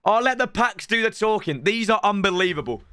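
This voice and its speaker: A British man streaming live, his voice hoarse and worn. He talks in a lively, up-and-down way, pitched a touch high for a man, and breaks into excited shouts at the big moments. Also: a little fast, no echo, clean studio sound. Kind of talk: live-stream pack-opening commentary.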